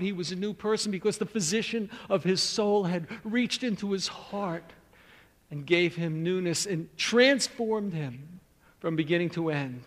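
A man preaching a sermon in a big church hall, his voice trailing off in a long reverb. He sits a touch higher than most men. He tells his stories with big swings from loud emphasis down to quiet, hushed lines.

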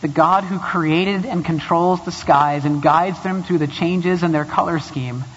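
A man's voice: a little high, a little slow, a bit bright, breathy edge. Guy giving a chapel sermon, long hall echo, kinda muffled recording, funny then earnest. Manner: self-deprecating humor, building to earnest emphasis. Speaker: chapel preacher.

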